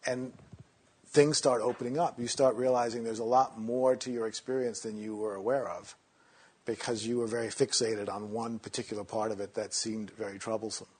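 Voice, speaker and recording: A man teaching meditation in a relaxed, conversational way, sometimes acting out inner voices in a mocking tone. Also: lowish voice, normal speed, slightly rough.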